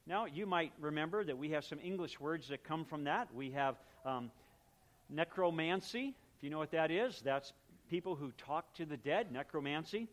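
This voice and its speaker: A man with a notably high speaking voice delivers a sermon from the pulpit. He talks to the congregation in an easy, conversational way, unpacking the meaning of words and slipping into quick voiced exchanges to make his point. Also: animated. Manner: conversational, explains word meanings, acts out little exchanges. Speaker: pastor.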